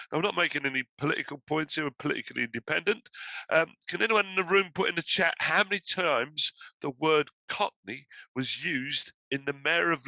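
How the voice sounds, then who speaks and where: A man's voice: a little high, creaky, pushed and bright, dry recording, poor audio. A man hosting an online panel discussion over a video call, talking in a hesitant way with many fillers. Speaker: host.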